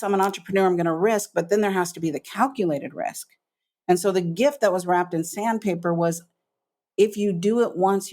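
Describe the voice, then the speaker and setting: A middle-aged woman, a business coach, telling her story as a guest on an interview podcast, emphatic and acting out what people said. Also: on the low side. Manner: animated storyteller, acts out quoted voices, emphatic.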